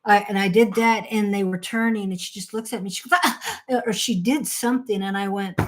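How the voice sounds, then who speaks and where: A woman's voice: mid-range voice, fairly even intonation, a little fast. A woman co-host chatting casually over a call, her voice in an ordinary mid register. She rambles through personal stories and swears without hesitation. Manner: candid, rambling storyteller who swears freely. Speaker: podcast co-host. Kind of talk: casual chat. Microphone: phone or call audio.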